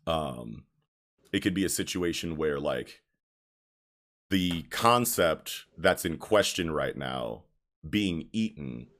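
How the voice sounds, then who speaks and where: A man in casual group chat, laid-back, trailing off quietly and often checking that others follow. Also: rumbling low, expressive, slow pace. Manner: laid-back, trails off quietly, many "you know what I mean".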